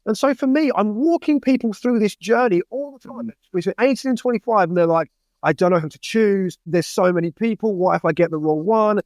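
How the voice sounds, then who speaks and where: A man's voice: sits high, fairly quick, a little mellow, no echo. A young man talking as a podcast guest, giving blunt, heated advice in casual conversation.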